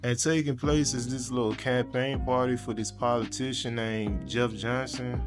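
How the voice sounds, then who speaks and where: A man's voice: medium pitch, fairly even intonation, moderate pace, over music. A young man reviewing a movie in a casual, crude and sarcastic manner, full of profanity. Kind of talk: casual video commentary.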